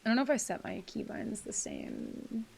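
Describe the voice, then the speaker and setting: A woman's voice: medium pitch, wildly swooping pitch, moderate pace, creaky, a little hiss or hum. A woman live-streaming a game, chatting casually with her viewers, swearing freely and laughing often. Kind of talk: casual live-stream chat while gaming.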